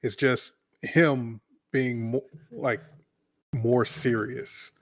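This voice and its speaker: A man co-hosting a casual movie podcast, speaking hesitantly with halting restarts. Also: mid-range voice, fairly even intonation. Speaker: podcast co-host.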